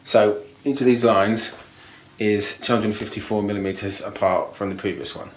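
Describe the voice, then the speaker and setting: A man's voice: lowish voice, fairly even intonation, moderate pace, echoey room, slight background noise. A man casually explaining bathroom tiling step by step, thinking aloud with ums and restarts. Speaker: DIY video host. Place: bathroom being refurbished, indoors. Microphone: camera mic, moving around the room.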